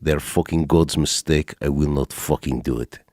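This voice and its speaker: Man doing a gruff ex-soldier. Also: extremely low pitch, steady tone, normal speed, darkish tone, no echo, studio quality, voice pushed down. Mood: scornful. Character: hulking Russian ex-soldier stripper, hostile and menacing.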